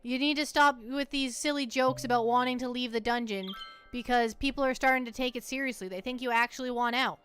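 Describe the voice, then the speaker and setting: A woman's voice: fairly high pitch, steady tone, a little fast, a bit bright, soft background music. A woman from the United States chatting playfully and teasingly while livestreaming a game, often repeating words as she goes. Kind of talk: casual gameplay livestream chat.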